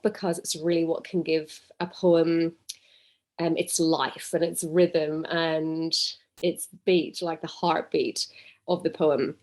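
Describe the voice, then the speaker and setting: A woman teacher giving a recorded lesson to pupils, in a gentle, encouraging way with clear enunciation. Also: fairly low pitch.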